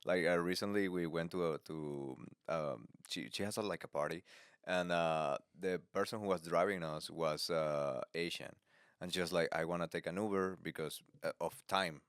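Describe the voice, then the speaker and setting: A man hosting a podcast in casual chat, who laughs often and speaks haltingly with many fillers. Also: low-pitched, a bit bright, smooth, dry recording, clean studio sound. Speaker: podcast host.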